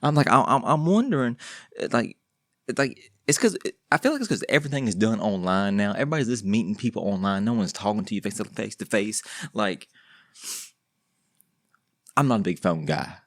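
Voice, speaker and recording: A man's voice: fairly low pitch, lively intonation, brisk, a bit bright, no echo, studio quality. A man hosting his own podcast, talking alone in a rambling, slangy, joking way with lots of restarts. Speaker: podcast host. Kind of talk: casual solo podcast monologue.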